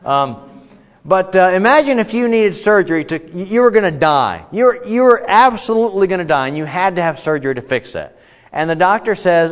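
A man teaches a Bible study in a slightly high voice, talking to the group in a conversational, emphatic way and often restarting his sentences. His voice rings with a long reverb in a hall, and the recording sounds a bit dull. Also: expressive, moderate pace.

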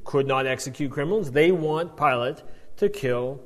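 Bible teacher, male, fairly high voice, explanatory and checking in, long reverb of a large hall. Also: moderate pace. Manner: explanatory, often checks in with "all right".

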